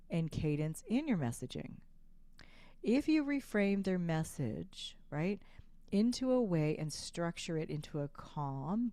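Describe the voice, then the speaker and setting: A woman's voice: on the low side, dark tone, no room sound. A woman hosting a live online sales coaching session, speaking emphatically, repeating slogans and asking viewers to respond in chat. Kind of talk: live-streamed coaching talk.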